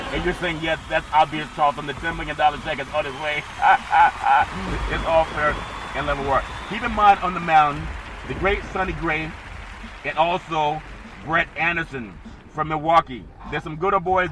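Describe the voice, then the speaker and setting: A man's voice: a little high, noisy background. A man hosting a solo sports podcast, rambling and jokey with sing-song asides.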